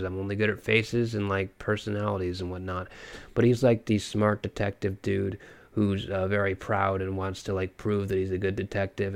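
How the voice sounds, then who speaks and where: A young man with a stuffy, nasal voice from a cold, rambling through a solo podcast monologue with many fillers and restarts. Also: fairly low pitch. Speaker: podcast host.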